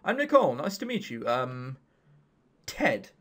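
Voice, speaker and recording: A man's voice: mid-range voice, huge pitch swings, measured pace, fairly bright tone, pitched below the performer's own voice, full character voice. A man voicing a curious, flustered young female college student with a hesitant, chatty manner.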